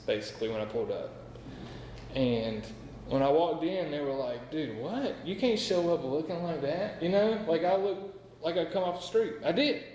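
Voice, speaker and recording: A man's voice: medium pitch, darkish tone, a little hiss or hum. Man telling his story in an echoey hall. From North Carolina. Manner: candid, rambling, full of "like" and "right?". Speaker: AA speaker sharing his story. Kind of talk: personal recovery story told to a meeting. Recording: echoey hall with long reverb.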